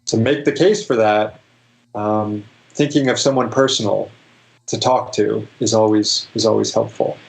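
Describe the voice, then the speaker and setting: A man speaking as a guest on an interview show, relaxed and rambling, with lots of fillers. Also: lowish voice, measured pace, vocal fry, low-quality recording. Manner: relaxed, rambling, many fillers, laughs easily. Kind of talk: casual interview chat.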